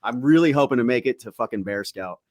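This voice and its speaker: A man hosting a podcast, telling stories in a loose, profane, animated way and acting out the people in them. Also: medium pitch, fast, no room sound, studio quality. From Tampa, Florida. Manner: profane, animated storytelling with acted quotes. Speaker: podcast host. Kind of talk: casual storytelling chat.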